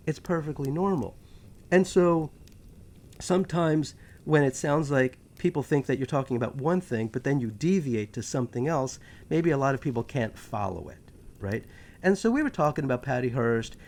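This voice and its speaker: A man from New York with a New York accent, hosting a talk show in a casual, animated monologue full of sarcastic asides. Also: mid-range voice. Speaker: podcast host.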